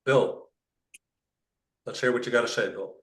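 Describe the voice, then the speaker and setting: A man's voice: mid-range voice, unhurried. A man, a rabbi, leading an interactive class, telling jokes and often repeating words as he thinks. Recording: echoey room, mic far off.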